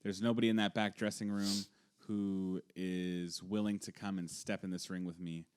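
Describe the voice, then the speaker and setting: A man's voice: low voice, level tone, moderate pace, smooth. A man co-hosting a podcast, chatting casually and cracking offhand, wry jokes. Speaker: podcast co-host. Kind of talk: casual chat recapping wrestling.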